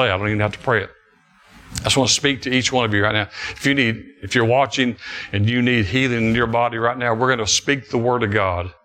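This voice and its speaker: Fervent preacher man, bright voice. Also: mid-range voice. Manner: fervent preaching with repetitions and restarts. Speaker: pastor. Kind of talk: sermon.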